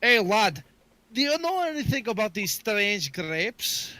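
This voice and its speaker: A bold male dwarf adventurer with a put-on Scottish accent, played by a man at the table. His voice is bright and upfront, recorded dry and close, and he haggles with gusto. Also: high-pitched, very animated, a little slow, no echo, voice pushed up, exaggerated voice. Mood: curious. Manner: bold, bartering.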